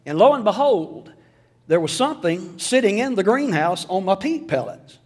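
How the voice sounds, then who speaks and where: A man's voice: sits high, big pitch swings, moderate pace, darkish tone, slightly rough. A middle-aged man preaching a sermon, telling folksy stories with jokes. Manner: folksy storytelling with jokes and voiced asides. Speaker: pastor. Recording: long hall reverb.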